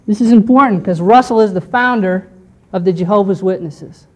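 A woman's voice: mid-range voice, moderate pace. Woman lecturing, checking in with "okay". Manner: explanatory, checks in with frequent "okay". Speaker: teacher. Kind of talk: lecture on church history.

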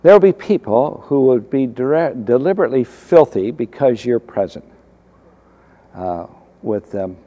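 An older man, a former navy officer, telling faith stories from his service in a halting way, full of restarts and fillers. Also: medium pitch, expressive, lo-fi sound. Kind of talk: casual storytelling testimony.

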